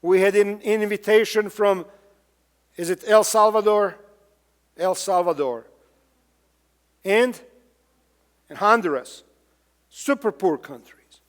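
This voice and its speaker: A pastor preaching a sermon, emphatic and fond of repeated rhetorical questions. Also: male voice, high voice, takes it slowly, long pauses, clean tone, big-room sound. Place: church sanctuary.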